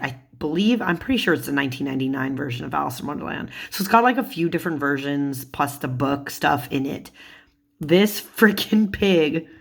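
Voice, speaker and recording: Giggly low-voiced woman vlogger. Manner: giggly, laughs often while talking; chatty, with many fillers and casual swearing. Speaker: tarot vlogger. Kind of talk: casual vlog showing tarot cards.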